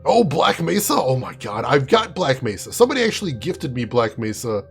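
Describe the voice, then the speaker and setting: A man's voice: mid-range voice, sing-song, brisk, vocal fry, faint music behind. A man live-streaming a game in a chatty way, laughing often and answering viewers by name. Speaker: game streamer reading chat. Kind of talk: casual live-stream chat.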